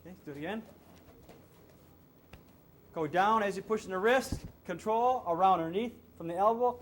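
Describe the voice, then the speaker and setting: A man's voice: sits high, moderate pace, slight background noise. A male self-defense instructor coaching a hands-on class with short, repeated commands.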